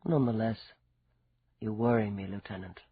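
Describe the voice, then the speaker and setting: A man voicing a cool, wry, wealthy Irishman with a soft, low, amused Irish-accented voice, in a dull recording. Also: normal speed, breathy edge.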